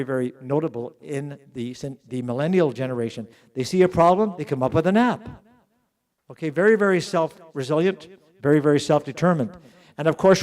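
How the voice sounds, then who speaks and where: A middle-aged man giving a conference keynote, emphatic, slowing down and repeating words to stress his points. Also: a little high, darkish tone. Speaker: keynote speaker at an education summit. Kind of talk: conference speech.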